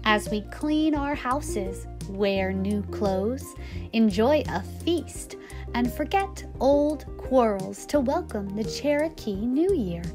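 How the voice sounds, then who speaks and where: A woman plays a cheerful puppet reading buddy with a fairly high, bright voice. She reads a children's picture book aloud in a gentle, teacherly way. Clear music plays behind her, like in a kids' show. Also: lively intonation, slow pace. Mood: storytelling. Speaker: storyteller, show host.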